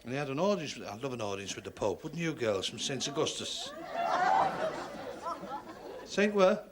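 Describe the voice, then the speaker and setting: A man's voice: medium pitch, sing-song, normal speed, a loud crowd, very noisy. A male stand-up comedian who tells jokes and chats with the audience, in 1970s TV studio audio. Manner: chatty, talks to the audience. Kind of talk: stand-up joke telling with audience banter.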